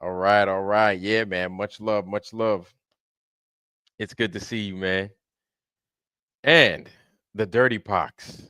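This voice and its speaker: A relaxed man chats on his livestream and greets viewers one at a time. His voice sits fairly low. The sound is close and dry, with no room around it. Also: slow pace, pauses often, clear, resonant tone, dry recording. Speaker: livestream host. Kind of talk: casual livestream chat.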